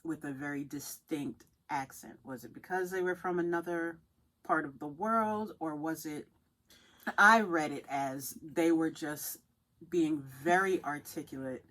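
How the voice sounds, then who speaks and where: A woman's voice: deep voice, a little slow, fairly bright tone. A woman co-hosting a podcast, talking things through thoughtfully in casual chat. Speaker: podcast co-host.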